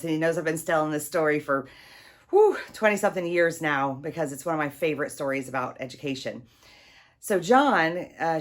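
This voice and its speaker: Give me a low-pitched middle-aged woman telling a story from her teaching days. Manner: conversational, lively, acts out quotes. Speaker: drama teacher. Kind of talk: personal storytelling.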